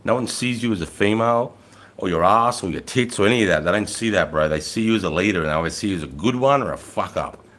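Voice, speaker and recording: A middle-aged former army sergeant tells blunt, heavily profane war stories on his own casual livestream. His voice is fairly low and fast with lively intonation, rising loud when he quotes himself.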